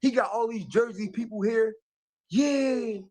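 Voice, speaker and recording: High-voiced boxer talking trash. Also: male voice, measured pace, darkish tone. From North Philadelphia. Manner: heated, boastful, streetwise slang. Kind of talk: fight-week trash talk interview.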